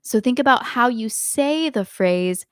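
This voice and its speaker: A woman giving a live online singing lesson, explaining clearly and demonstrating phrases by speaking and singing them. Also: fairly high pitch, lively intonation, a little slow, no room sound, clean studio sound. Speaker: singing teacher.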